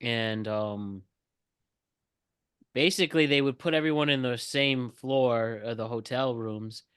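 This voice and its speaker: A man's voice: mid-range voice, unhurried, a bit bright, smooth, no room sound, clean studio sound. A man co-hosting a podcast in casual chat, teasing and laughing often. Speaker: podcast co-host.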